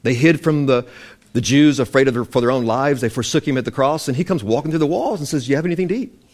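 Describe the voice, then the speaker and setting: A man preaching, emphatic and animated, quoting scripture as he teaches. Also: medium pitch, fast. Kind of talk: sermon-style teaching.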